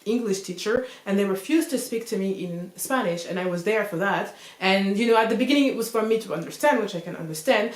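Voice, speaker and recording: A woman in her thirties rambles through a personal storytime, leaning on "like" and "you know" between thoughts. Her voice sits at an ordinary middle pitch. The room around her is echoey and roomy. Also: fast, hardly any pauses. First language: French. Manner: chatty, rambling, heavy use of "like" and "you know". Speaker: vlogger. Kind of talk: casual storytime monologue.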